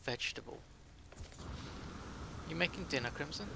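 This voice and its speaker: A man's voice: a little high, lively intonation, moderate pace, gravelly, background noise. A British man chatting casually with his live-stream chat while playing a game, joking at his own expense. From Britain.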